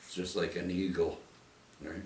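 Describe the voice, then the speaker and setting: Man, very deep voice, rambling storyteller, echoey room with faint noise behind. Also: level tone, normal speed, distant mic. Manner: rambling, with frequent "eh?" and "right?" tags. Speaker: vlogger telling a personal story. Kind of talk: casual storytelling.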